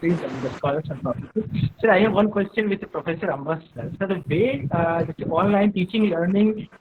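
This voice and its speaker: A man's voice: high voice, normal speed. A man formally and politely asking a professor a question on a webinar video call. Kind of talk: webinar discussion. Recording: dull lo-fi call audio with clear noise.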